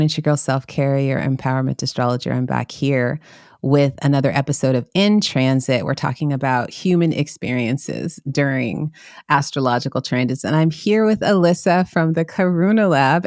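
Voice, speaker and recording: Low creaky-voiced woman hosting a podcast. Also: moderate pace, darkish tone, dry recording, clean studio sound. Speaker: podcast host and astrologer. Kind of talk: podcast interview and scripted intro.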